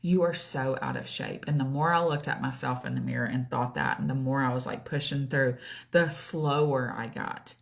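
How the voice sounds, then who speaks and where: A woman in her forties with a low voice, speaking straight to her viewers in a chatty, motivational live stream. She keeps acting out her own inner thoughts and fills her sentences with "like" and "you know." The delivery is that of a coach encouraging her audience, talkative and unscripted. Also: fairly even intonation, moderate pace, vocal fry. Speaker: business and wellness coach.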